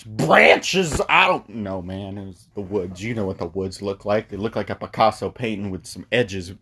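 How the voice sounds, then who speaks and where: A man giving a rambling, animated comic recap of a horror movie, with casual swearing. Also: lowish voice, moderate pace, slightly rough. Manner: rambling, animated storytelling with profanity. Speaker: movie reviewer.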